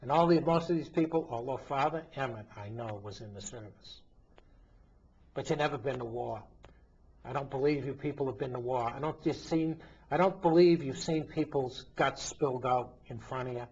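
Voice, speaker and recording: Here a talk-show-hosting priest, mid-range and darkish in tone, rails indignantly at normal speed, firing off rhetorical question after rhetorical question. The impassioned commentary comes through on dull, lo-fi audio.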